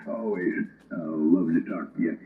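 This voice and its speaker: A man's voice: low voice, normal speed, slight background noise. Man on a tinny radio transmission. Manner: relaxed, easygoing with many fillers. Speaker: radio caller. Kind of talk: casual CB radio chat.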